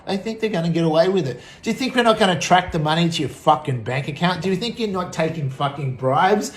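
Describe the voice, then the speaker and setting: A man's voice: on the high side, lively intonation, fast talker. Profane, combative Australian man in an echoey room. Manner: profane, combative, swinging between shouting and muttering. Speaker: vlogger. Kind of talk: angry political rant.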